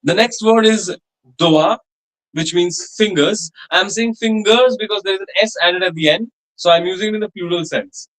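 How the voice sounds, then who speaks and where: A man with a noticeably high voice teaches a French lesson. He explains each point plainly and drills words over and over at an unhurried pace. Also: fairly bright tone, poor audio. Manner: slow, patient pronunciation drills with repetition. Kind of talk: language class instruction.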